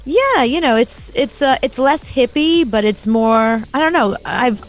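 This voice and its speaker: Animated woman co-hosting a chat show. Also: high-pitched, unhurried, soft background music. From New York. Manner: animated, laughing, emphatic. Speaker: co-host. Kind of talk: casual radio chat.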